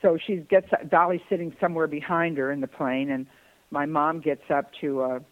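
An older man from Detroit rambles through anecdotes in a podcast chat. His voice sits a bit high and sounds tinny and narrow, as if over a phone line, in a dry setting with no room echo. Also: steady tone, normal speed. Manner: rambling anecdotal storyteller, bursts of laughter. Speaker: guest. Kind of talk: podcast conversation, storytelling.

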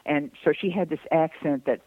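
A man's voice: fairly high pitch, moderate pace, slightly rough, dry recording, phone-quality sound. An older man from Detroit telling long, rambling anecdotes as a podcast guest, breaking into laughter now and then. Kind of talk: podcast conversation, storytelling.

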